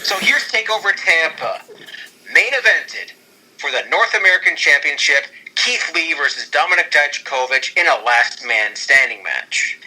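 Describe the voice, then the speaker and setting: A man on a podcast excitedly pitching storylines in casual chat, rambling and often restarting his sentences. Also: normal speed, breathy edge, rough recording. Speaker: podcast co-host.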